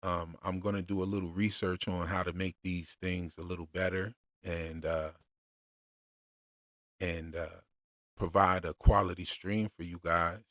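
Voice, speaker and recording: A man with a very low voice talks slowly and casually to his livestream audience. He stops often for fillers and restarts his sentences. His voice sits close and dry on the microphone. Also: dry recording. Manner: relaxed, unhurried, with many fillers and restarts. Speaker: streamer discussing show theories.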